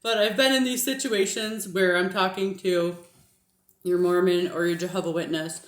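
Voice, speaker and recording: Speaking with a faint Southern American twang, a woman who hosts Christian apologetics videos casually teaches about faith in a monologue full of laughter and fillers. She has a fairly low voice with fairly even intonation at normal speed, recorded in a roomy space.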